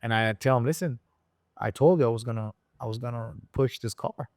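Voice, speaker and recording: A man from Rico, a guest and engine builder telling a story in a casual interview, acting out the people he quotes with sudden high voices. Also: brisk, dry recording, studio quality. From Puerto Rico. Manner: animated storyteller who acts out quoted people with jumps in pitch.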